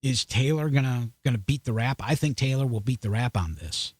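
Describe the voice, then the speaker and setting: A man's voice: medium pitch, lively intonation, fairly quick, a little mellow, slightly rough, no echo. Blunt, sarcastic male podcast host. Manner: blunt and sarcastic, talks to viewers directly; loose, restarts often. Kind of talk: opinionated news commentary.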